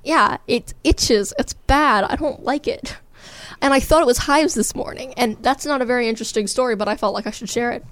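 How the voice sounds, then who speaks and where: A woman's voice: on the high side, a little fast, a bit bright, no echo. A young woman, a teenage podcast co-host, chatting in a giggly, rambling and self-mocking way. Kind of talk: casual podcast chat.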